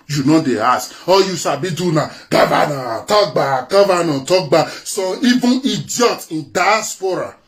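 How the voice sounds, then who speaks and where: Fiery Nigerian man with a high voice. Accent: Nigerian, Benin (Edo). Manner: fiery, scornful, mixes Nigerian Pidgin; mocks others in put-on quoted voices. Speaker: social media commentator. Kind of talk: impassioned live video rant.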